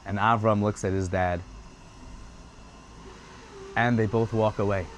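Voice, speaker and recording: A man retelling a story in a casual, conversational way, getting animated at times. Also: fairly low pitch, a little slow, a little hiss or hum.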